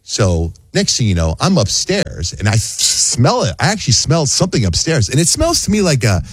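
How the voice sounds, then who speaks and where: A middle-aged man hosting a radio show, telling a story in a casual, animated way and acting out the people in it. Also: a little fast, slightly rough, dry recording. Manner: animated storyteller, acts out quotes in high voices.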